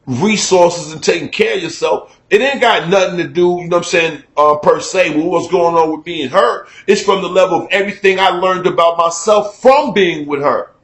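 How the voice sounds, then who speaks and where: A middle-aged man giving a candid, profane talk-show monologue, emphatic and conversational, getting loud when he is worked up. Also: high voice, normal speed, few pauses, roomy sound, low-quality recording. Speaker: radio talk show host.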